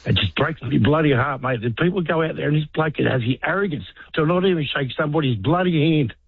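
A man's voice: fairly high pitch, a little fast, husky, dry recording. An Australian man in his fifties, an army veteran calling a talk radio show, fired up and indignant, swearing mildly. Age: 50s. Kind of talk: talkback phone call. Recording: tinny phone line.

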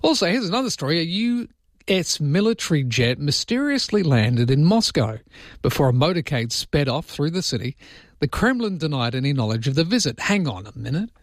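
A man's voice: on the high side, big pitch swings, a little fast, dry recording, clean studio sound. A man hosting overnight talk radio, chatting casually with jokey, self-mocking asides. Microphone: studio microphone.

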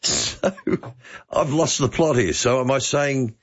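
A man's voice: medium pitch, sing-song, takes it slowly, dull audio. An older man hosting a casual radio chat, talking in a hesitant way with many fillers. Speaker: radio host. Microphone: studio microphone with headphones.

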